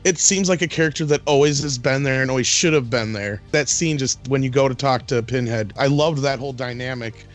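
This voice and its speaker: A man's voice: medium pitch, fairly quick, hardly any pauses, faint music behind. A man hosting an interview, gushing enthusiastically about a film character. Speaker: interview host. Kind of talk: casual interview chat.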